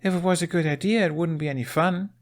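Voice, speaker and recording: A man's voice: medium pitch, very animated, measured pace, mellow, voice pushed up. A man voicing a bold, teasing young Viking woman who talks in a daring sing-song, in a fan audiobook reading.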